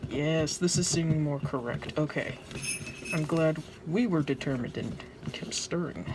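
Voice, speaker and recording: A woman's voice: low voice, measured pace. Jittery woman vlogging with background noise. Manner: anxious, dramatic, self-mocking. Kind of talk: casual self-narrated craft vlog. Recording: noisy home recording.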